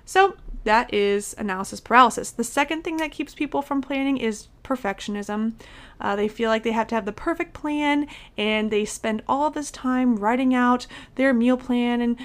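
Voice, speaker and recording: A woman's voice: fairly high pitch, moderate pace, a bit bright. A young woman speaking as a nutrition coach, talking candidly and emphatically in a casual motivational style. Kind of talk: motivational talk to camera or podcast.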